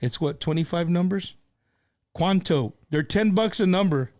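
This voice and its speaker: A man's voice: high-pitched, normal speed, a little mellow. Easygoing middle-aged man, casual host. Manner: easygoing, full of fillers like "you know" and "man". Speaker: host of a live stream. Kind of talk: casual live-stream chat and storytelling.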